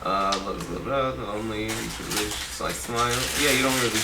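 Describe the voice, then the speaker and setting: A man's voice: lowish voice, fairly quick, roomy sound, recorded from a distance, very noisy. A man chatting casually on a podcast, easygoing and often laughing. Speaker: actor on podcast. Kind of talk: casual chat.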